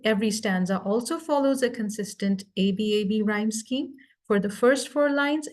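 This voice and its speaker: A woman leading a speaking club meeting, explaining poetic structure step by step in a measured way over a video call. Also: medium pitch. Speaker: Toastmasters meeting leader. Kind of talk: explanatory club talk on poetry.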